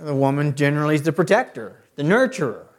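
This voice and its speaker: A middle-aged man preaching a sermon as a pastor. He often builds to loud, emphatic peaks. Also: on the high side, big pitch swings, fast talker.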